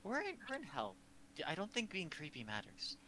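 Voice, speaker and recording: A woman's voice: low voice, wildly swooping pitch, brisk, bright, forceful tone, slight background noise, poor audio. A woman running a tabletop game, narrating and answering in a dry manner. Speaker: game master.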